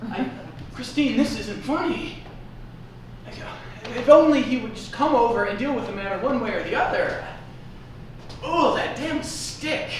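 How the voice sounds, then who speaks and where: A woman's voice: a little high, animated, unhurried, a crowd in the background. A woman playing a bitter young woman who mocks a powerful neighbor sarcastically. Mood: sardonic. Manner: sarcastic, dramatic. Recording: echoey room, distant mic, noisy.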